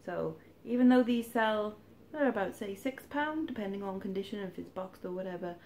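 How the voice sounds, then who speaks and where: A woman talks through her charity shop finds in a loose, rambling vlog style. Her voice sits at a middle pitch, and she drifts into wry little asides as she goes. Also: expressive, normal speed, a little mellow, slight background noise. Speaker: charity shop reseller vlogger. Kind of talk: casual haul vlog chat.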